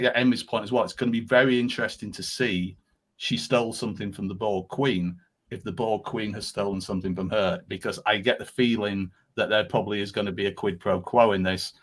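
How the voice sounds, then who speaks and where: A man's voice: lowish voice, a bit bright. A man appearing as a guest on a podcast, chatting enthusiastically and rambling with frequent restarts. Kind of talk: casual podcast chat.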